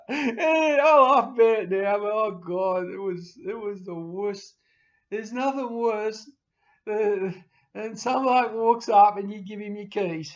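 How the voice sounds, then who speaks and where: A middle-aged man, rambling emotionally to camera in a farewell vlog, breaking into loud mimicry and laughter. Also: high voice, slow pace. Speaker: YouTuber signing off. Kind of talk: casual personal talk to camera. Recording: dull lo-fi home recording.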